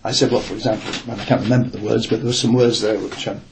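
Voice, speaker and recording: A man's voice: on the low side, steady tone, very fast, vocal fry, a little hiss or hum. An older man, a former newspaper reporter, recounting a workplace memory in a rambling, hesitant way with many fillers and restarts. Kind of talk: reflective oral history storytelling.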